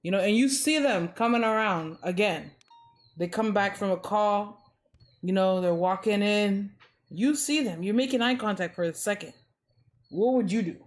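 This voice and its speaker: A woman in a mid-range voice plays a dispatcher interviewing a new recruit. She talks casually and chattily, using slang. Her tone is plain and even. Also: medium pitch, normal speed. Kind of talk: role-play interview.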